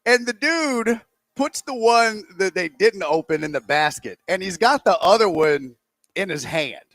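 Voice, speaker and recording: High, lively male radio co-host. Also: a little slow, dry recording. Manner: animated, rambling anecdote told with acted-out quotes. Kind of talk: casual storytelling on sports talk radio.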